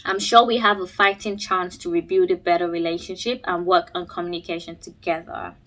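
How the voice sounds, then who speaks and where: A woman's voice: medium pitch, a bit bright. A woman hosting a podcast, reading a listener's letter aloud and commenting on it in a casual, wry, chatty way. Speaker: podcast host.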